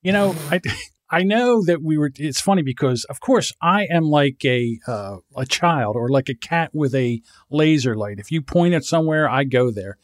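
Male podcast co-host, higher voice, swings all over, rambling and profane, dry mic. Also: animated, normal speed, no echo. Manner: rambling, profane, laughs often. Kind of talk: casual podcast banter.

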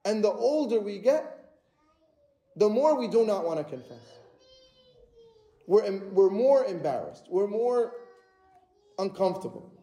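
High-voiced guy giving an earnest sermon, mellow tone, roomy church echo. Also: sing-song, a little slow, pauses often. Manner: earnest, repetitive, with restarts. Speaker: preacher.

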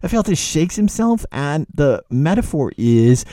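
A male lecturer speaks in a very dark, mellow voice. His pitch swings widely as he fires off rhetorical questions and repeats phrases for emphasis. The recording is dry and close, with no room sound. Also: sing-song, a little slow, no echo. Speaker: literature lecturer.

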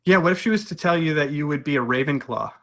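A man's voice: fairly high pitch, fast talker, a bit bright. A man hosting a casual chat, joking and playful.

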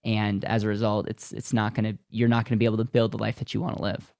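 American male podcast host, upbeat and motivational, smooth resonant voice, dry sound. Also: on the low side, level tone, fast, darkish tone, dry recording. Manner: enthusiastic, motivational, restarts often. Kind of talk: podcast interview.

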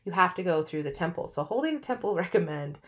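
A woman's voice: lowish voice, animated, fast talker. Chatty, candid middle-aged woman storyteller. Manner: laughs often mid-sentence. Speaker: podcast host. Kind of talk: personal storytelling monologue.

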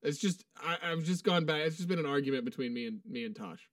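A man's voice: on the high side, lively intonation, fast talker, fairly bright tone, dry recording. Dry, joking podcast host man. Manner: joking, rambling storyteller. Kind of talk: casual chat.

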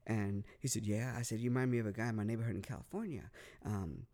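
A man's voice: fairly low pitch, fairly even intonation, fast, mellow. A man telling a long story in casual podcast chat, rambling, repeating words, swearing and using lots of fillers. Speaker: podcast guest.

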